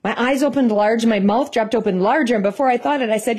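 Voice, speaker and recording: A woman with a Midwestern accent tells a devotional story in a relaxed, earnest, conversational way. Her voice sits slightly high and she talks as if to a friend. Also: quick pace. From Minnesota, US. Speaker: devotional host.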